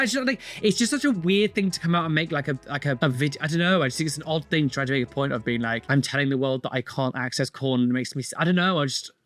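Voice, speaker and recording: A British woman hosting a reaction video, bluntly mocking bad tattoos with exaggerated disgust. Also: low-pitched. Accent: British English. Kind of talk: casual reaction commentary.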